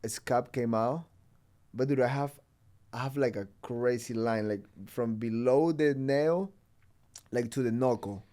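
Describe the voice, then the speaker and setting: A podcast host from Ecuador, telling stories in a loose, rambling way full of fillers. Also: male voice, mid-range voice, a little slow, dark tone. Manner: rambling storytelling with many fillers, laughs often. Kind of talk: casual chat.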